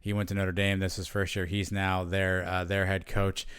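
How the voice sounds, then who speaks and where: Low-voiced, smooth podcast co-host man. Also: flat delivery, normal speed, a bit bright, no room sound, studio quality. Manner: chatty, many fillers and restarts. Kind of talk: casual sports podcast chat.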